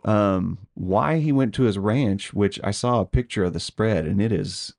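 A man's voice: fairly low pitch, normal speed, creaky, a little mellow. A man co-hosting a podcast, chatting casually with a hedging, laughing manner and frequent ums. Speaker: podcast co-host. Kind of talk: casual conversational podcast chat.

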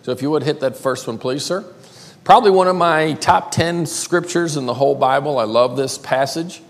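An older man from South Carolina with a Southern accent, preaching a playful sermon and drawing words out slowly. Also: fairly high pitch. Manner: playful, drawls words slowly, calls crowd y'all. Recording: long hall reverb.

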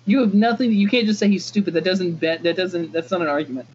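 A man's voice: high-pitched, fast talker, darkish tone, slightly rough. A man co-hosting a podcast, arguing his point insistently in casual chat. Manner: insistent, argumentative. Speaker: podcast co-host. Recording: dull lo-fi podcast audio.

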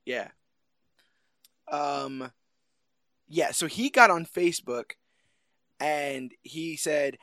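A man co-hosting a podcast, chatting casually about a movie, animated and laughing as he acts out scenes. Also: a little high, extremely slow, creaky, long pauses, no echo, studio quality. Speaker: podcast co-host. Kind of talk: casual movie review chat.

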